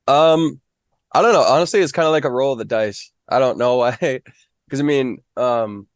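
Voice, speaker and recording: A man's voice: mid-range voice, moderate pace, no echo, clean studio sound. A young man from the Fargo area, a weather reporter and guest, talking in a modest, easygoing way full of "like". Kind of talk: casual interview.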